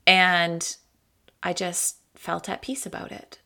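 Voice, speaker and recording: A woman's voice: mid-range voice, steady tone, normal speed, bright, forceful tone. A woman hosting her own podcast in a casual, candid and chatty way, swearing freely and laughing often. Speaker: podcast host. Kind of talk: casual solo podcast talk.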